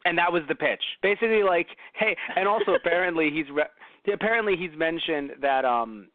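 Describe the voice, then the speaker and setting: A man chatting casually as a podcast co-host, lively and fond of acting out other people's words. His voice sits somewhat high. The sound is tinny and narrow like a phone line, with a dry, close feel. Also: a little fast, no room sound. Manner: animated, acts out quoted voices. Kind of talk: casual chat.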